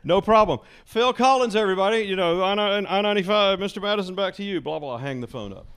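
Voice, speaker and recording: A man, a former radio DJ, telling a story in casual chat, animated and laughing often, imitating voices. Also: high-pitched, fast, clear, resonant tone.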